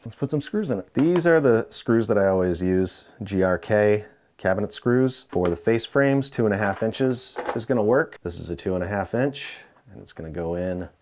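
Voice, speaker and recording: A man hosting a casual how-to, talking relaxed while he works with tools and now and then dropping into mutters. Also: on the low side, normal speed, a little hiss or hum. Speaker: DIY home renovation host. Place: indoor pantry under renovation.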